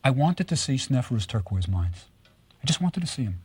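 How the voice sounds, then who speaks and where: A man giving a recorded lecture on Egyptology, telling stories with lively rhetorical questions and frequent tag questions. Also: medium pitch, moderate pace, husky. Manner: animated storytelling with rhetorical questions; tags statements with "right?".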